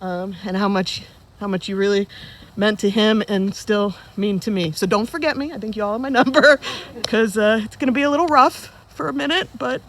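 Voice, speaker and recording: At her dad's funeral, a forties-aged woman speaks to the assembled mourners with a mid-range, somewhat bright voice and a slightly quick pace. She shares amusing anecdotes casually, often saying um and starting sentences over.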